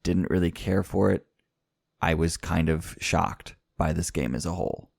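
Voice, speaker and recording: A man's voice: sits low, moderate pace, gravelly, a little mellow, husky, no echo, clean studio sound. A man co-hosting a casual podcast, easygoing and joking, now and then reading a written review. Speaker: podcast co-host.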